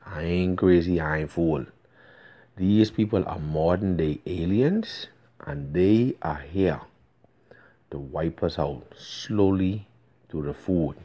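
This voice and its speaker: A man's voice: low-pitched, slow, mellow. A Bahamian man with a Bahamian accent, recording an urgent, pleading voice message in a preachy, insistent way. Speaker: voice-note sender. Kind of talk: voice message monologue.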